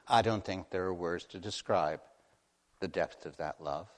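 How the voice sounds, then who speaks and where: A man preaching a sermon, moving between hushed, slow passages and loud, impassioned warnings. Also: low-pitched. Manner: dramatic, swings from hushed to impassioned. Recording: long hall reverb.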